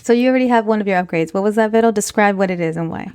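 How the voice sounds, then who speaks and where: A woman hosting a casual podcast chat, brisk and teasing as she leads the talk. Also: mid-range voice, darkish tone, clear, resonant tone, no echo. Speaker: podcast host.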